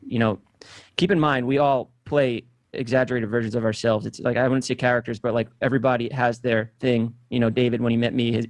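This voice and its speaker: A man being interviewed, defending himself in halting speech full of restarts. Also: mid-range voice, no echo. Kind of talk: conversational interview.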